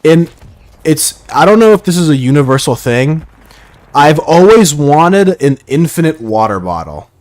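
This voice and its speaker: A man's voice: on the high side, big pitch swings, a little slow, darkish tone. A man streaming a shooter game live, chatting casually in a rambling, playful way and reading viewer messages aloud. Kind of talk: casual live gameplay chat.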